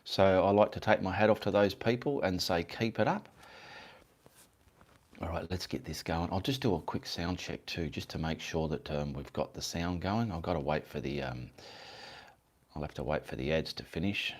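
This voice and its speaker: Australian male artist-host, casual rambling live chat from a home webcam setup, slightly low voice. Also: moderate pace. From Perth, Western Australia. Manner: rambling, friendly, greets viewers by name.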